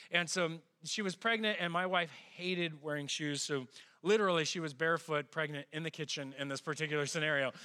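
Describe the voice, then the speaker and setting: A middle-aged male pastor preaches in a conversational, personal style, acting out quoted voices with sudden pitch jumps. His voice sounds pushed and bright.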